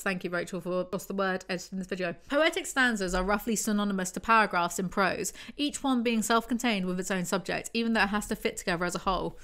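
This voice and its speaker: A woman's voice: medium pitch, fast, hardly any pauses. Sarcastic woman reviewing a book. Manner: sarcastic, deadpan asides. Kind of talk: book commentary and reading aloud.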